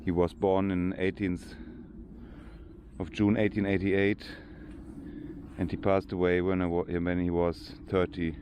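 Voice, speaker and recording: A man's voice: sits low, level tone, a little slow, darkish tone, slight background noise. An older man with a German accent, chatting casually in unpolished English while walking through a large cemetery for his vlog. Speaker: vlogger.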